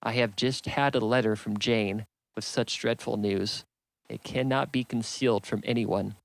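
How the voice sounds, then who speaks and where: A man voicing a distressed young gentlewoman from a classic novel in his own voice, reading her lines earnestly and urgently. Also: lowish voice, steady tone, normal speed, creaky, no room sound, rough recording. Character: distressed young woman, genteel heroine. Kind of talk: audiobook character reading.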